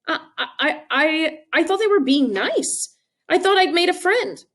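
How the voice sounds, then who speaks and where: A woman's voice: medium pitch, huge pitch swings, unhurried, a bit bright, heavily acted. A woman voicing a timid young boy who stammers and pleads in an audiobook reading. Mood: hesitant. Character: young boy, timid and hurt, eager for friends.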